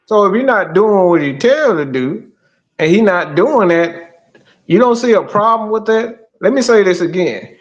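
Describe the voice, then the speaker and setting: Higher-voiced guy co-hosting a sports stream, super animated up-and-down delivery, cusses, drives his point hard. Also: normal speed, dull audio. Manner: emphatic, profane, lively rants. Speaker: podcast co-host. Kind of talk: casual live-stream sports talk.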